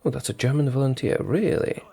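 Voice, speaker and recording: A man's voice: medium pitch, animated, brisk, creaky, dark tone, breathy edge. A man giving casual commentary on his strategy game, thinking aloud, talking to his units and correcting himself as he goes.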